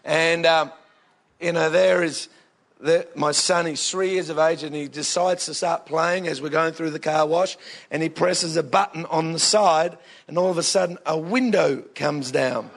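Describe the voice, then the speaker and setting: Australian preacher with a high voice, working the congregation with lively comic stories. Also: male voice, moderate pace, creaky. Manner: animated, jokey, swings into bursts of excitement. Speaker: pastor. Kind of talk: humorous storytelling sermon.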